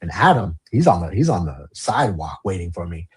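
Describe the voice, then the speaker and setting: Podcast guest from the Valley, low raspy male voice, casual storyteller who swears and rambles. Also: sing-song, brisk. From Los Angeles, San Fernando Valley. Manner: casual, rambling, swears, heavy use of "like" and "you know". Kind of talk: candid storytelling interview.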